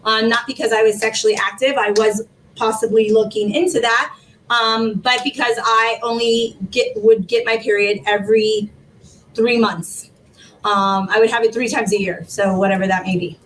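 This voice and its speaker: A woman in her forties tells her personal story as an interview guest, in a high, animated voice full of fillers. She sounds set back from the microphone. A faint hiss sits under her voice. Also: normal speed. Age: 40s. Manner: animated, rambling, with many fillers and laughs. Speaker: interview guest, foundation founder. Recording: distant mic with faint background noise.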